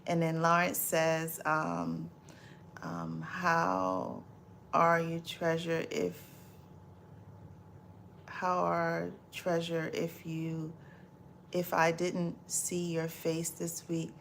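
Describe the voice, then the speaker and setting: A woman's voice: sits low, fairly even intonation, extremely slow, creaky, long pauses, a bit bright, a little hiss or hum. A woman from South Florida hosting a live stream in a casual, chatty way, reading viewer comments aloud, repeating herself and laughing often.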